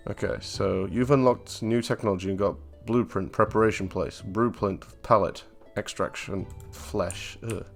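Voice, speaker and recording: Wry low-voiced man streaming a game. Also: steady tone, measured pace, gravelly, hardly any pauses, faint music behind. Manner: wry, sarcastic, swears casually. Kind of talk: let's play commentary.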